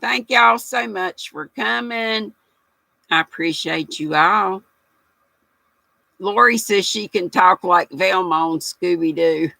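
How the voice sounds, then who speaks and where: A woman's voice: on the low side, takes it slowly, vocal fry, bright, forceful tone, dry recording, rough recording. An older woman hosting a casual livestream, chatty and folksy, reading viewer comments aloud and laughing often. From United States. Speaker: livestream host.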